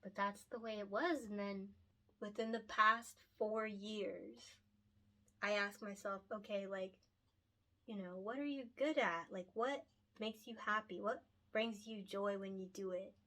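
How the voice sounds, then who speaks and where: A woman's voice: medium pitch, steady tone, measured pace, pushed and bright. A young woman who writes and illustrates picture books, talking casually and from the heart, often laughing and getting emotional. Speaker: picture book author and illustrator. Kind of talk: casual solo chat to camera.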